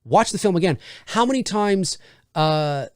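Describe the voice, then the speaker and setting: A man's voice: sits high, animated, unhurried, darkish tone, no room sound, clean studio sound. A man, a screenwriter, giving a casual spoken review of a film and thinking aloud as he restarts his sentences.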